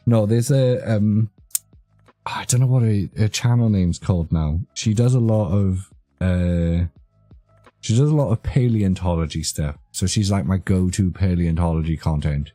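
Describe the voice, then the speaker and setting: A man's voice: low-pitched, moderate pace, dark tone, no room sound. A young man chatting casually with his live-stream audience, rambling and joking, easily amused. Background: faint background music.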